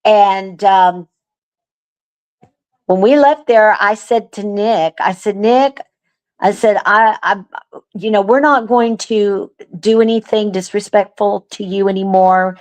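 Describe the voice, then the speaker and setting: Slow, earnest woman telling a story. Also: medium pitch. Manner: earnest, animated, lots of 'um' and 'I said'. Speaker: guest. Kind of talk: casual storytelling. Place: remote call.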